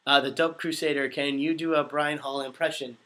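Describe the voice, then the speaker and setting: Young male voice actor hosting a live chat; bright, slightly high voice, chatty and quick to laugh. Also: fairly even intonation. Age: young adult. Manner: chatty, laughs often, reads viewer questions aloud. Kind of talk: casual live-stream chat.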